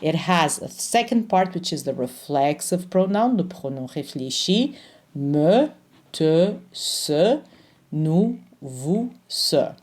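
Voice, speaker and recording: A woman teaching French grammar in English, explaining patiently and slowing down to pronounce each French example. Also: low voice, animated, darkish tone. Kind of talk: grammar lesson.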